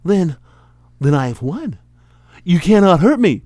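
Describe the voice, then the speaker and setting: A man's voice: high voice, very animated, unhurried, warm tone, no room sound, voice pushed up. Casting: a man reading as a hesitant young hero, stammering a little, dry sound. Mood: protesting.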